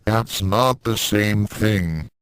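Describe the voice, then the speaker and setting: A man's voice: fairly low pitch, extremely slow, fairly bright tone, clean tone, no room sound, rough recording. A man reading fan fiction aloud and voicing a hot-tempered young fighter with a defensive, frustrated manner. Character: young martial artist boy, guilty and hot-tempered.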